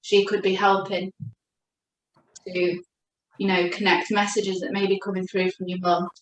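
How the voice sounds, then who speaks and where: A woman giving a gentle, reassuring spiritual chakra reading as a coach. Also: medium pitch, little pitch movement, a little hiss or hum. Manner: gentle, reassuring, speaks slowly when addressing her guide. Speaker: oracle card reader and coach. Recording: echoey room.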